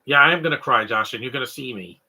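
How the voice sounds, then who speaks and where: A young man from Canada co-hosting a live stream, rambling through casual comedic chat. His voice is very bright and husky, and his talk is animated and digressive. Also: mid-range voice, quick pace. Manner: rambling, animated, mimics stutters and sobbing noises.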